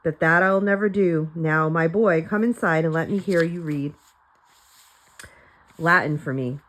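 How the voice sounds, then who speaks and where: A woman voicing an irritable, suspicious and crafty old man who barks orders in a gruff way. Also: sits low, a little slow, fairly bright tone.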